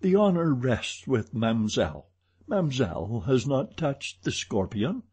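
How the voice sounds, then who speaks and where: A man voicing a calm, mocking masked madman who speaks slowly and deliberately. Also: mid-range voice, breathy edge, exaggerated voice. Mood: cold taunting. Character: cold, mocking male masked madman, composed.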